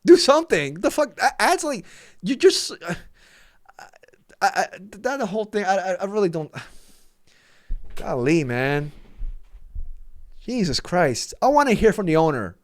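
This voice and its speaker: Male sports vlogger, high voice, exasperated profane rant, dry close sound. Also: sing-song, measured pace, long pauses, dry recording. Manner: exasperated, profane, emphatic ranting. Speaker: sports channel host. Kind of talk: ranting sports commentary vlog.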